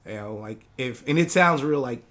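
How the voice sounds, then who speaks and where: A man's voice: medium pitch, lively intonation, normal speed, a bit bright. Reflective man, casual guest chat. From Hawaii. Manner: reflective, searching for words, slangy. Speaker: podcast guest. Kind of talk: casual conversation.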